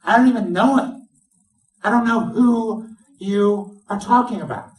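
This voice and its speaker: A frightened male disciple pushes back with hurried, insistent denials, as a preacher puts him on mid-sermon. His voice sits a little high and carries the ring of a roomy hall, picked up from some distance off the mic. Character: panicked male disciple denying his friend. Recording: roomy sound, speaker away from mic.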